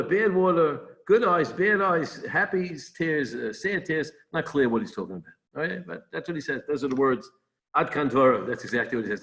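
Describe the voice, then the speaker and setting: A male rabbi gives a loose, conversational Torah talk at a middling pitch. He searches for words as he goes and circles back on himself. He reads short Hebrew phrases and then unpacks them in everyday speech. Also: low-quality recording.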